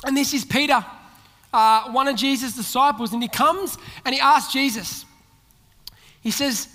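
An Australian pastor with an extremely high-pitched voice preaches a sermon a little slowly, with long pauses, telling a story and voicing its characters' lines. Soft music plays behind him in a large church hall with long reverb.

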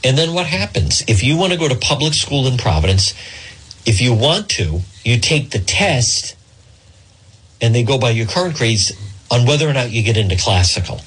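A man's voice: mid-range voice, very animated, moderate pace, a bit bright, slightly rough, low-quality recording. A middle-aged man from Rhode Island hosting a talk radio show, telling a rambling, digressive story in a monologue.

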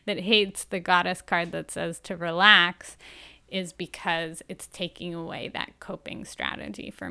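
A woman talks slowly and gently, candid and self-reflective, in a personal monologue. Her voice is bright and smooth, with a noticeable creaky fry at the ends of her phrases. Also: on the low side.

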